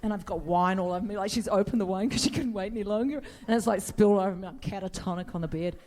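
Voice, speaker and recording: A woman's voice: mid-range voice, quick pace, a little mellow. A middle-aged woman telling rambling, playful anecdotes as a guest on a convention stage, laughing often as she talks.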